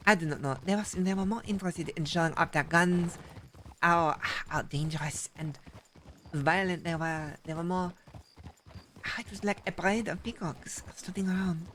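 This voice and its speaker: A woman's voice: lowish voice, unhurried, long pauses, a bit bright, a little hiss or hum. A woman voicing a fussy, gossipy French artist, a frontier-era busybody who speaks formally without contractions, in an in-character roleplay chat. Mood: fretful.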